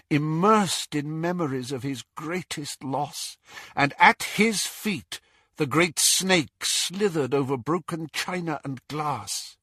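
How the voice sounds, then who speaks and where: A man narrating an audiobook with slow, dramatic delivery. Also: a little high, bright, forceful tone, husky, dry recording, clean studio sound.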